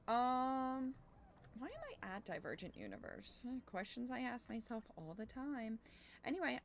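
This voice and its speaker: A young adult woman streamer chatting casually while gaming, rambling with fillers and sounding a little hoarse as her voice recovers. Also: on the high side, slight background noise. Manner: animated greetings to chat. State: slightly hoarse from overuse, recovering.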